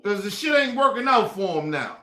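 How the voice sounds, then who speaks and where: A man in the middle of a heated, profane political rant, circling back to the same points again and again. His voice sits high and leaps around in pitch, and the sound rings in an echoey room. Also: sing-song, brisk, sharp tone. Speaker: political commentary streamer. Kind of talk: ranting commentary. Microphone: streaming mic.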